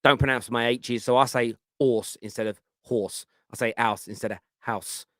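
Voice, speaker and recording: A man's voice: medium pitch, steady tone, normal speed, pushed and bright, no room sound, studio quality. An English man with a London Cockney accent, hosting a football fan show and chatting casually through viewer comments. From England. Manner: chatty, jokey, stumbles over words. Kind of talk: casual live-stream chat reading comments.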